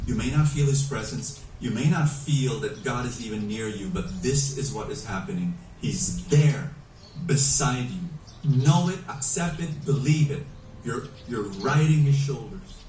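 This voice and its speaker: Male preacher, emphatic sermon, mellow tone, echoey room heard from a distance. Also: mid-range voice, slight background noise. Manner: animated, emphatic preaching with rhetorical questions.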